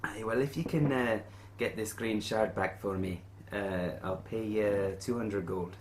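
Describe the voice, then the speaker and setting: A man voicing an easygoing male quest giver in a tabletop game, speaking homely and hesitant with many pauses. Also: lowish voice, a little hiss or hum, natural voice.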